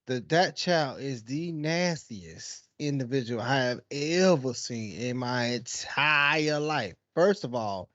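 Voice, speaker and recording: A man co-hosting a podcast, telling stories in a casual, animated way and acting out what others say. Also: mid-range voice, slow pace, hardly any pauses, no room sound, muffled recording. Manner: animated, exaggerated storytelling with acted-out quotes. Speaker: podcast co-host. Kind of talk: casual chat.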